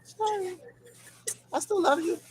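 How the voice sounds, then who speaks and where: A woman's voice: very high voice, a little slow, darkish tone. A woman teasing and joking with friends in a casual chat on a video call. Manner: teasing, playful. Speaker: guest.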